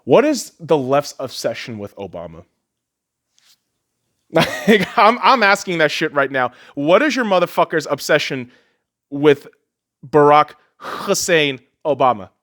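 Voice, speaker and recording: Man, podcast host, solo rant, heated, sarcastic, profane, fairly high voice. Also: very animated, takes it slowly, pauses often, fairly bright tone. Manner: heated, swearing, sarcastic, with scoffing laughs.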